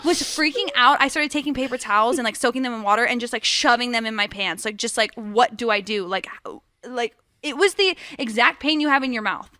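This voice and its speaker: A woman's voice: a little high, a little fast, bright, forceful tone, no echo, clean studio sound. A young woman telling a candid personal story in casual chat, laughing often and filling her talk with "like" and "dude". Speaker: guest.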